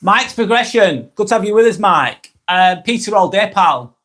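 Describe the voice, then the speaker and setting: A man's voice: high voice, lively intonation, moderate pace, fairly bright tone. A middle-aged man with a Lancashire accent hosting a casual live stream, chatting in a friendly way that repeats itself and trails off while reading out viewer comments. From England.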